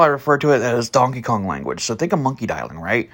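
A man telling a story about a past job as a podcast host, blunt and profane, starting slow and soft, then growing loud and heated. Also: medium pitch. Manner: slow and soft at first, growing louder and animated. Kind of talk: casual storytelling monologue.

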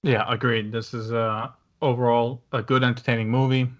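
A man's voice: medium pitch, little pitch movement, normal speed, highs cut off. Rambling man reviewing a movie. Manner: rambling, many fillers and restarts. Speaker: podcast host. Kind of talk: casual movie review chat.

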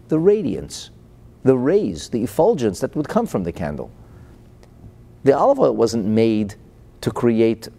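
A man teaching a Chassidic discourse with a mellow, warm tone. His pitch swings widely as he poses rhetorical questions and answers them, chuckling often. He reads out Hebrew phrases and then translates them into English. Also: vocal fry. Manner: lively, asks rhetorical questions, chuckles between points. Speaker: Torah teacher.

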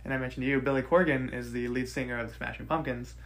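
A man's voice: medium pitch, steady tone, quick pace, fairly bright tone. A man co-hosting a podcast, recapping and rating a wrestling show in casual, joking chat. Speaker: podcast co-host.

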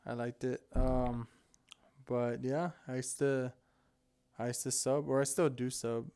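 A man's voice: mid-range voice, little pitch movement, measured pace, mellow, clean tone. A young man co-hosting a podcast, telling a rambling story in casual chat, laughing often and swearing freely. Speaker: podcast co-host.

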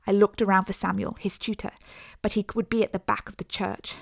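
An audiobook narrator reading a first-person story in a measured, earnest voice. The sound is dry and close-miked, with no room echo. Her pitch is middling for a woman, neither high nor low. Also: flat delivery, vocal fry.

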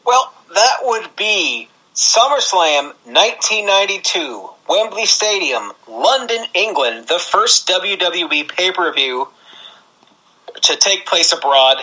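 A man from Canada co-hosting a wrestling podcast in relaxed casual chat, laughing easily. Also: sits high, slow, rough recording. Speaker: podcast co-host.

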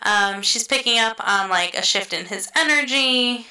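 A young woman talks through a show in a loose, chatty way, filling pauses with likes and ums. Her tone is bright and ringing. She swears offhandedly and laughs easily. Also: a little high, poor audio. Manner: chatty, filler-heavy, swears casually, laughs often. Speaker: podcast co-host recapping a show. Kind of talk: casual chat.

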